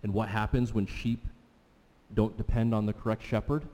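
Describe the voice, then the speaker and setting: A man's voice: lowish voice, little pitch movement, moderate pace, warm tone. A man pastor preaching a sermon in a conversational way, putting questions to the congregation. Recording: long hall reverb.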